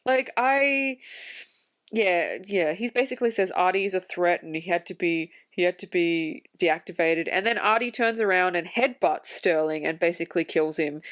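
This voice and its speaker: A woman co-hosting a podcast, rambling incredulously about a film's plot holes in casual talk. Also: fairly low pitch. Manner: incredulous, rambling, laughs often. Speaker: podcast co-host. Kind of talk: casual film review chat.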